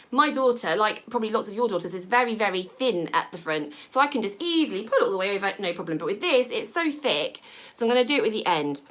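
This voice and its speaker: A woman, hosting a live hair tutorial and chatting with viewers as she works. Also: fairly high pitch. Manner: chatty, warm asides to viewers while working. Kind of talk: live-stream hairstyling tutorial chat.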